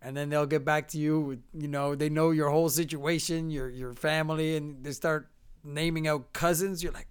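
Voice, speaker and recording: A man from Canada telling casual stories to his viewers, animated and laughing, acting out what people said. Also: fairly high pitch, moderate pace, clean tone. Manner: animated, acts out quotes, laughs often. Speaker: vlogger. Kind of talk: casual storytelling.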